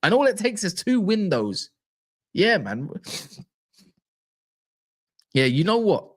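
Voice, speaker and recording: A man's voice: high-pitched, takes it slowly. A young man chatting casually on a football fan live stream, joking and bantering in slang. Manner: animated, jokey, slangy banter.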